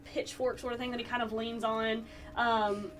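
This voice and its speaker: A woman's voice: on the high side, flat delivery, moderate pace, fairly bright tone. Giggly woman game master, distant mic. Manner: rambling, giggly. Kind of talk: narrating a tabletop game. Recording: distant mic with music behind.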